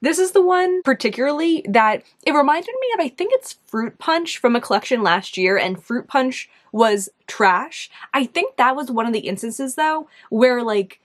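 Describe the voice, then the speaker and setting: A woman's voice: high-pitched, lively intonation, normal speed, hardly any pauses. A young woman with a New York accent chatting casually as she reviews makeup, thinking aloud, hesitant and full of "like"s. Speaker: beauty video host.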